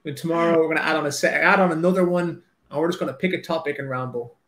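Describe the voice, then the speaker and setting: A male fantasy author chatting casually on a livestream, excitable and rambling, swearing freely as he talks. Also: fairly high pitch, very fast, reverberant.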